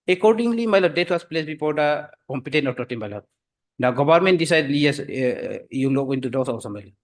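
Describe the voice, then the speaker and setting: A male advocate argues his case in a courtroom, stumbling through fillers and restarts. His voice sits slightly high, and he keeps returning to a deferential "my lord.". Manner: hesitant, full of fillers, repeats "my lord" constantly. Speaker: advocate for the government. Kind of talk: courtroom argument.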